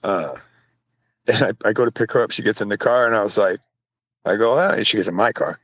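A man's voice: lowish voice, fairly quick, a bit bright, no echo. A middle-aged man co-hosting a podcast, telling stories in a laid-back, wry casual chat. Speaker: podcast co-host.

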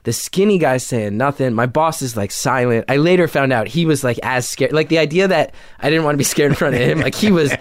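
A young adult man telling a story in casual chat, animated, jumping into loud high voices when he quotes people. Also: fairly quick, few pauses, no room sound, clean studio sound.

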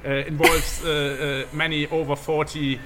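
A man guest in a casual podcast chat, speaking softly with many fillers and trailing off. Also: a little high, little pitch movement, normal speed, over music.

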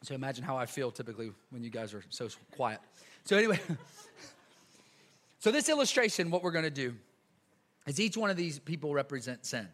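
A male pastor preaching a casual, energetic sermon to a church congregation, full of slang, repeats and asides. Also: medium pitch, a little fast, long pauses. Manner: lively, chatty preaching with slang and repetitions. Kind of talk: sermon with a live illustration.

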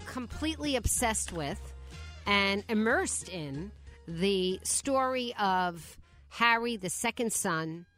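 A woman's voice: medium pitch, lively intonation, soft background music. Chatty New York woman radio host. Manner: chatty, warm-up questions, quick asides. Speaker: radio talk show host. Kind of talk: interview.

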